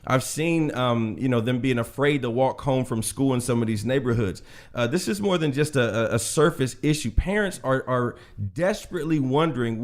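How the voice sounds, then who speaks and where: A man in his forties talks straight to the audience in a podcast discussion, earnest and impassioned. His voice is mid-pitched and he leans into each point with conviction. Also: normal speed. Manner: earnest and impassioned, addresses listeners directly.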